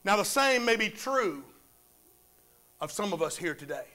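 High, bright-voiced preacher man. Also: very animated, normal speed. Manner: preaching with call-and-response amens. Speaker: pastor. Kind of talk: sermon. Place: church.

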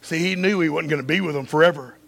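A male pastor preaching an impassioned sermon that swings between loud emphasis and hushed stretches. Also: on the high side, fast talker, vocal fry.

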